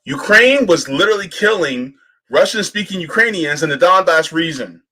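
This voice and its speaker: Fired-up man ranting with lively pitch. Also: moderate pace. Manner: fiery and argumentative, firing off rhetorical questions, swearing. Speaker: host. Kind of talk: political commentary on a livestream.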